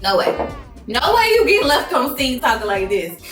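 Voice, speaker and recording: A young woman spills a dating story to her viewers, animated and profane, acting out every quote. Her voice sits a little high. The room is echoey, with faint music underneath. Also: normal speed. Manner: animated, swears freely, acts out quotes. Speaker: vlogger. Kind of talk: storytime vlog.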